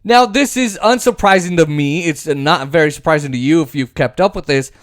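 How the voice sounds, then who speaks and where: A man with a rather high voice hosts a casual political commentary. He rambles, restarts and turns sarcastic, and the recording is dry and close. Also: a little fast, no echo.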